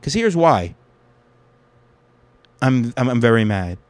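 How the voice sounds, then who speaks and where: A young man talks straight into a close microphone in a dead, dry space. He swears constantly and rants, his voice sitting at an ordinary middle pitch. He drifts into rambling stories about stand-up comedy. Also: sing-song, slow pace, no room sound. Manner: angry, profane ranting that settles into reflective storytelling. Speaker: podcast host and stand-up comic. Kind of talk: ranting solo podcast.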